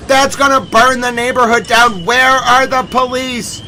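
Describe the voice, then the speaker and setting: A man hosting a live stream on breaking news, talking urgently and breaking into agitated, shouted outbursts. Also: very high voice, moderate pace, few pauses, soft background music. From United States. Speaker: livestream host covering breaking news.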